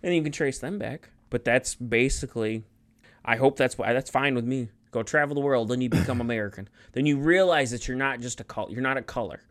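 A young man in the middle of a loose podcast chat. His voice sits at an ordinary pitch, and he rambles freely, swearing a lot and breaking off sentences to restart them. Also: a little fast. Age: young adult. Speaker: podcast co-host. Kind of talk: casual chat.

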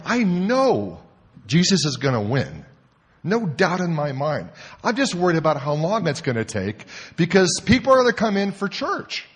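A man preaching a sermon, telling a story in an animated way and swinging from hushed to loud. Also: mid-range voice, slightly rough. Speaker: pastor.

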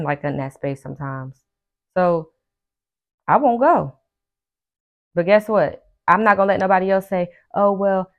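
On her own show, a woman who works as a life coach and podcast host addresses listeners in a casual, motivational monologue, her lowish voice pressing points hard and looping back to familiar phrases. Every so often she does quick asides impersonating her friends, and the audio's high frequencies are cut off.

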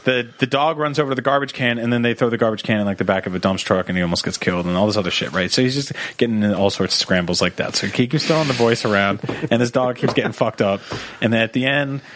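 A man's voice: mid-range voice, fast talker, a bit bright, slight background noise. A man co-hosting a comedy podcast, swearing freely and acting out animal noises while he tells stories. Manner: profane storyteller, acts out animal noises. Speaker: podcast co-host. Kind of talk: casual comedic chat.

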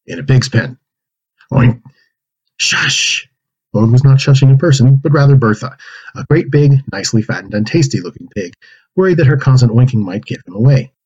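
Husky low-voiced guy reading a kids' story aloud, does the oinks and voices too. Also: dark tone, lo-fi sound. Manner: acts out pig oinks and character lines. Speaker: narrator reading a manuscript aloud.

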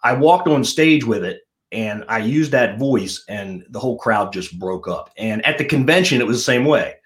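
A middle-aged man telling stories as a guest in a casual interview. His pitch swings widely from line to line, and his delivery is animated. He sounds like a working comedian and ventriloquist. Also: moderate pace.

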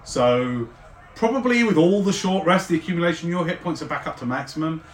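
A man's voice: a little high, fairly quick. Casual male game master, loose rambling narration, faint room hiss. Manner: relaxed, rambling, many fillers. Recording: echoey room, faint background noise.

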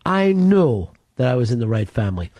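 A man telling a dark comic story in a deadpan, profane way. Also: mid-range voice, a little fast, no room sound.

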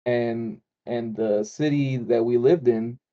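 A man's voice: medium pitch, steady tone, takes it slowly, highs cut off. A man from the Chicago area, co-hosting a casual chat and telling riled-up, profane stories. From Chicago area, USA. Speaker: podcast co-host.

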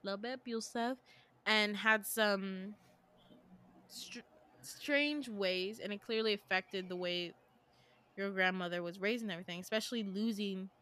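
A woman's voice: mid-range voice, unhurried, sharp tone. A woman hosting a podcast, retelling a dream in a loose, rambling way, full of fillers and restarts. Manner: rambling, lots of "like" and restarts, laughs often. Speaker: podcast host recounting her dreams. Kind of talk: casual storytelling chat.

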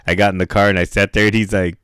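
A man's voice: on the low side, flat delivery, rapid-fire, a bit bright, clean tone, no echo, studio quality. A man co-hosting a podcast in casual chat, joking and laughing often. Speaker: podcast co-host.

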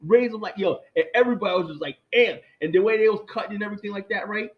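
A middle-aged man swaps stories in a loose, rambling way, full of restarts and fillers. His voice sits a little high, and the recording sounds muffled and lo-fi. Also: rapid-fire. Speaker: guest. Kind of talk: casual storytelling chat.

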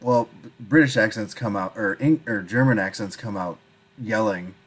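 Husky low-voiced man chatting. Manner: dry, laughs often, halting restarts. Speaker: podcast co-host. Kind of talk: casual chat over drinks.

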